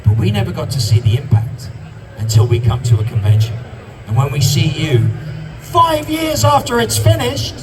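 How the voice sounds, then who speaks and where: Man, convention guest speaker, passionate and repetitive, distant mic, noisy hall. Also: mid-range voice. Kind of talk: on-stage guest talk.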